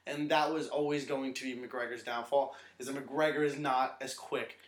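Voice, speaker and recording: A man co-hosting a podcast in casual chat, talking quickly and excitedly with many restarts. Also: medium pitch. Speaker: podcast co-host. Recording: echoey room.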